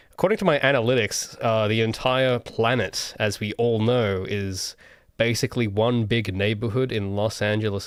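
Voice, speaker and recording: A man's voice: fairly low pitch, no echo. An Australian man chatting casually on a livestream as a solo game developer, rambling with self-mocking jokes and frequent restarts. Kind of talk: casual livestream chat while drawing.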